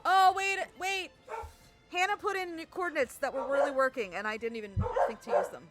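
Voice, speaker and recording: A woman streaming a game from home, chatting with viewers in a bubbly, excitable way. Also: sits high, brisk. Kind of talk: casual live-stream chat. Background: game music and barking dogs.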